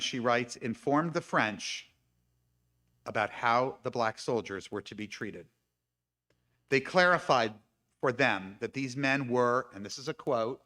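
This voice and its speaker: A man's voice: mid-range voice, sharp tone. A man giving a talk at a live-streamed congregation service, reading passages from a book aloud with his own asides. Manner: reads quoted passages with asides and light laughs. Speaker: speaker at a humanistic congregation service.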